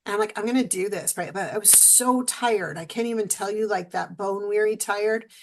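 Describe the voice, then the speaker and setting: A woman telling a personal story as a guest in an interview, animated and quoting herself and others as she goes, emotional at times. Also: medium pitch, moderate pace, slight background noise. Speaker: guest speaker.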